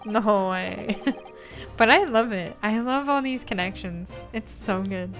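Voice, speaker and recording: A woman's voice: medium pitch, slow, a bit bright. A young woman streaming a game live, gushing and giggling as she reacts, with game music behind. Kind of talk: live gameplay commentary.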